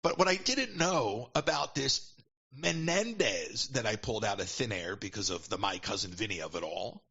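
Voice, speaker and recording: A man casually telling a long story as a podcast guest, animated and quick to quote people in put-on voices. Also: lowish voice, vocal fry, slightly rough, highs cut off. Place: at home.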